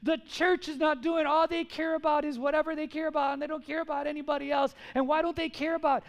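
Very high-voiced man preaching. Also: fast talker, few pauses. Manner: animated, many rhetorical questions. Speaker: pastor. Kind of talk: sermon. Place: church service.

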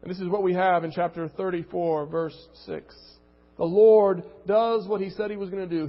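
A man preaching a sermon and reading scripture aloud, earnest and emphatic, repeating words as he builds a point. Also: high voice. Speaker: pastor. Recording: muffled recording with long reverb.

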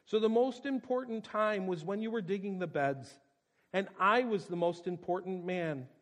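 Guy doing an old hermit, calm and steady, wise, story read aloud. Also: sits high, normal speed, pitched above the performer's own voice. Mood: explaining.

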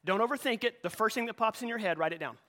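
A man's voice: high-pitched, fast, bright, forceful tone. A middle-aged male pastor preaching a sermon in a church, in a conversational way with frequent repeated words and restarts. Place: church sanctuary.

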